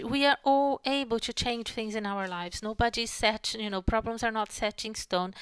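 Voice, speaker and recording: A woman psychologist giving an online lecture, calm and measured, who slows down to softly guide breathing exercises. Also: a little high, clear, resonant tone, no echo.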